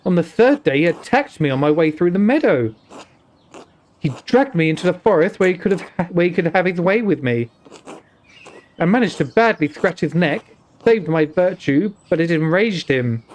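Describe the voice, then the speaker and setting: A man's voice: high-pitched, expressive, moderate pace, a little mellow, slight background noise. A man doing a guarded young nun, sing-song Welsh lilt. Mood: sorrowful. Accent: put-on Welsh.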